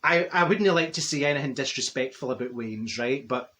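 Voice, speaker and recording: A man's voice: medium pitch, fairly quick, a bit bright, natural voice. A man playing a chatty, gossipy middle-aged Glasgow woman with a Glaswegian Scottish accent, rambling to camera with plenty of asides. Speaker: comedy character. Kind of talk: comic character monologue to camera. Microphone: camera set up nearby.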